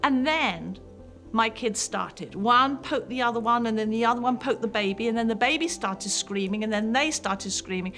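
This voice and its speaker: A woman pastor in her fifties tells a personal testimony to mothers, earnest and heartfelt. Her voice sits fairly high, with soft music playing faintly underneath. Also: normal speed.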